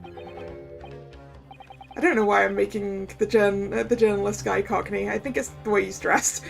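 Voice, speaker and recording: A woman's voice: medium pitch, steady tone, a little slow, gravelly, faint music behind. A woman streamer making casual, amused asides while playing a game. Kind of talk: casual let's-play commentary.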